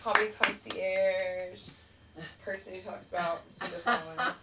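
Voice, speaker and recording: A woman's voice: fairly low pitch, steady tone, a little slow. A woman doing a rambling stand-up set at an open mic, acting out kids and herself in voices. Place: small comedy club stage. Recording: distant room mic with faint noise.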